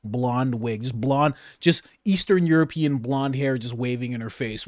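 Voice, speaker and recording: A man hosting casual political commentary, sarcastic and animated, rambling and restarting his sentences. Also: medium pitch, a little fast, hardly any pauses, no room sound, clean studio sound. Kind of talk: casual commentary on news clips.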